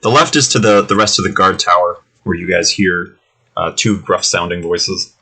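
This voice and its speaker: A man's voice: low voice, normal speed, pushed and bright, breathy edge. A man narrating as game master of a tabletop game, loose and full of fillers.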